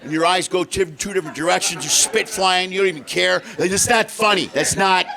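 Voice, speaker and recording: High-energy stand-up comedian, a man. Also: a little fast, vocal fry. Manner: high-energy, shouting punchlines, acting out other people. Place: theater stage before a laughing audience.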